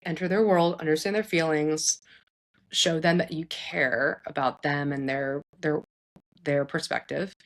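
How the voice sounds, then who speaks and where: A woman psychologist talks parents through hard situations in an earnest, chatty way. Her voice sits a little low, and she keeps checking in with listeners as she goes. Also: fairly even intonation, a little slow. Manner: earnest, conversational, frequent "like" and "right?"; acts out quoted speech in shifted voices. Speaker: psychologist host. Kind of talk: advice talk to parents.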